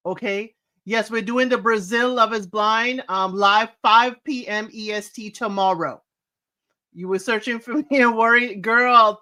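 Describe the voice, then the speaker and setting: A fairly high-voiced woman hosts a relaxed live chat. She talks to her audience in an easy, conversational way and greets viewers by name as they join. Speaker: livestream host. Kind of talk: casual live-chat commentary.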